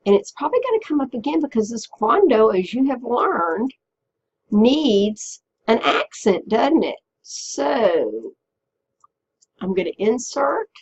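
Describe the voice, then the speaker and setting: A woman's voice: fairly high pitch, big pitch swings, slow, a little mellow, slightly rough. Patient woman teacher, dull lo-fi recording. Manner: patient, step-by-step, checks in with "okay?". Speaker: Spanish teacher. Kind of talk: screen-recorded software tutorial.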